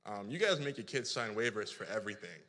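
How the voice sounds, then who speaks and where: A man from Africa, telling an animated, self-deprecating story in a sermon, full of restarts. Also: on the low side, fast talker. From South Africa. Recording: reverberant hall.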